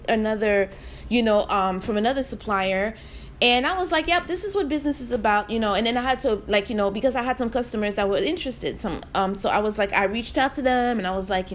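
A woman's voice: a little high, a little hiss or hum. A young woman hosting her own podcast, chatting in an upbeat, familiar way and calling the listener "sis". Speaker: podcast host. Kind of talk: casual solo podcast chat.

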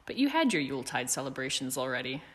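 A woman's voice: sing-song, quick pace, a bit bright, breathy edge, full character voice. A woman voicing a mild, sleepy young man. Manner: mild and low-key.

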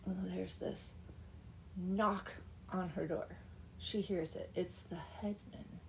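A woman's voice: lowish voice, fairly even intonation, takes it slowly, creaky, slight background noise. A young woman casually retelling a folk tale, chatty with wry asides and dips into whispers. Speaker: storyteller. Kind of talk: casual comic story retelling.

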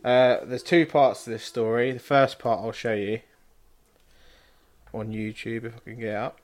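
A young man with a British accent, co-hosting a casual podcast from a flat and leading with a story. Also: medium pitch, normal speed. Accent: British English. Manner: laid-back, storytelling, laughs at own bad accents. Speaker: podcast co-host. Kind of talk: casual chat. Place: flat, indoors.

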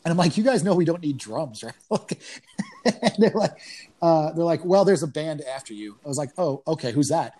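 A man casually telling stories from comedy tours, full of swearing and laughter, jumping up in pitch when he acts out what people said. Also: a little fast. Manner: profane, animated storytelling with laughs; acts out quoted voices in higher pitch. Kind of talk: casual podcast chat.

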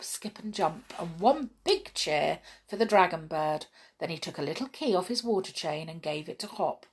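A woman reading a children's fairy tale aloud in a gentle, expressive storytelling manner. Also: lowish voice, slightly rough. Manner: gentle, expressive reading with lively dialogue voices.

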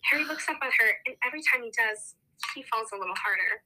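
Young woman, very bright voice, fairly high, giggly, sarcastic, reading aloud in casual chat. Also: animated, quick pace, rough recording. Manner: giggly, sarcastic, breaks into laughter. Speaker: co-host reading fan fiction aloud.

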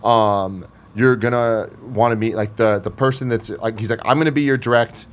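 Profane, animated young man telling a story. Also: mid-range voice, moderate pace. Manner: profane, animated, acts out quoted people. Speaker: podcast guest telling a story. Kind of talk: casual storytelling among friends.

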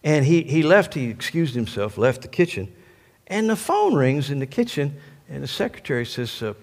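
An older man, a pastor, telling a story in a sermon in an animated way and laughing along with it. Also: fairly high pitch, normal speed, gravelly. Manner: animated, laughs through his own story. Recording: long echo of a large hall.

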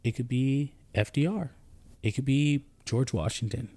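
A man in his thirties chatting on a podcast about army life. He tells his story with animation, and his pitch jumps when he turns indignant. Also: unhurried, dark tone. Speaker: podcast co-host, army soldier. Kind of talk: casual podcast chat.

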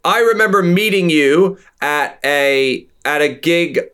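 A man's voice: a little high, lively intonation, slow pace, bright, forceful tone, clean tone. A young man from Canada chatting as a podcast guest, rambling and self-deprecating with many restarts. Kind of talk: casual chat.

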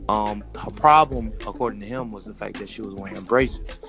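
A man in a casual chat, telling a story in a hesitant, measured way with many fillers. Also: fairly low pitch, vocal fry, music in the background.

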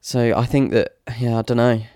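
A man's voice: mid-range voice, level tone, moderate pace, darkish tone, dry recording, clean studio sound. A young man with a Leicester accent, co-hosting a podcast and joking through casual banter. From England. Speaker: podcast co-host. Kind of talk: casual chat.

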